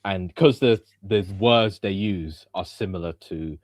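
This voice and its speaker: A man with a standard Southern English accent talks as a guest on a podcast. His voice is low and his sound is dry. He chats in an easygoing way, with plenty of "you know" and "like". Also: measured pace, darkish tone, no room sound. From England. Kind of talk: casual chat.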